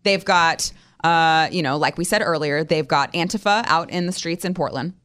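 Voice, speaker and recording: A woman's voice: low voice, moderate pace, clear, resonant tone. A woman co-hosting a talk radio show, chatting casually and teasing her co-host. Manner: lively, laughing, teasing.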